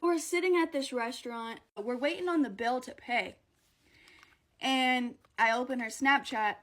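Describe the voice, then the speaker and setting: A woman's voice: high-pitched, a little slow, a bit bright, a little hiss or hum. A woman telling a personal story in a casual, profane and blunt way. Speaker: vlogger.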